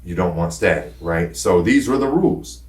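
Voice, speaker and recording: A man's voice: sits low, lively intonation, moderate pace. A man casually telling his own story, candid and profane, rambling with fillers. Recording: roomy echo.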